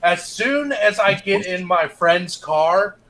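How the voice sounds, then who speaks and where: High, bright-voiced man swearing casually. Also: lively intonation, slow pace, a little hiss or hum. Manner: loose, swears freely, acts out quotes. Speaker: co-host of a chill stream. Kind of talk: casual storytelling chat.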